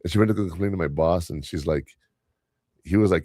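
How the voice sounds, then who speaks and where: Here a podcast host with a deep, warm voice talks briskly, spinning workplace stories in casual chat. He's a chatty storyteller who keeps restarting and filling gaps. The recording is dry and studio-clean.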